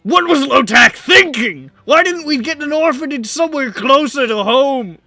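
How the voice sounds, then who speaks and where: A shrill, panicky young cultist in a tabletop game, yelling in melodramatic terror, as a man puts him on. The voice sits high and bright, dry and close to the mic. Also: expressive, moderate pace, vocal fry, no room sound, exaggerated voice. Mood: panicked. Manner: shrill, frantic, theatrical.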